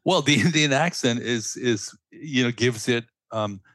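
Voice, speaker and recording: A man hosting a podcast, asking questions and cheering his guest on in quick, enthusiastic asides. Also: medium pitch, a bit bright, dry recording. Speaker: podcast host. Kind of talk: conversational interview.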